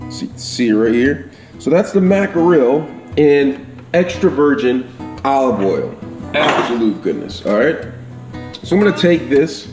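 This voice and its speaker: A man talks through a home cooking demo in a relaxed, easygoing way, his voice mellow and warm. The kitchen sounds roomy and echoey, with soft guitar music faintly behind him. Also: medium pitch. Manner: chatty, repeats "all right?" and "absolute goodness". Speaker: home cook. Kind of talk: casual cooking demonstration.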